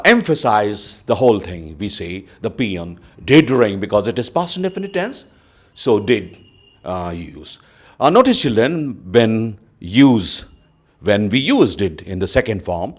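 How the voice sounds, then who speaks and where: An English teacher gives students a grammar lesson, explaining slowly in a voice that sits a little low. His pitch swings widely as he stresses the example sentences he reads aloud, and he keeps dropping in "you know."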